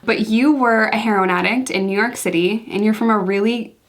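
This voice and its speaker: A woman's voice: medium pitch, fairly quick. Chatty laughing woman guest. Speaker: podcast guest. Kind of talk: casual chat.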